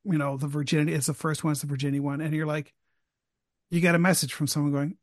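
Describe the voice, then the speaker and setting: A man hosting an interview, chatting casually with many quick asides and restarts. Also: fairly high pitch, steady tone, dry recording, studio quality. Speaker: podcast host, interviewer.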